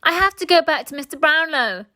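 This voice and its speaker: A high, thin young orphan boy, put on by a woman reading aloud, eager and easily frightened. His voice sits well above a grown woman's and sounds a little unlike her usual tone, pleading and crying out. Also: animated, fairly quick, bright, forceful tone. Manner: pleading, cries out in alarm.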